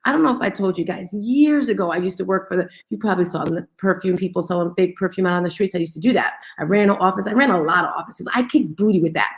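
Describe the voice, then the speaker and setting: A woman's voice: on the low side, quick pace, few pauses. A woman hosting a live motivational morning talk, upbeat and coaxing as she draws listeners in and leads call-and-response. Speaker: host of a live audio room.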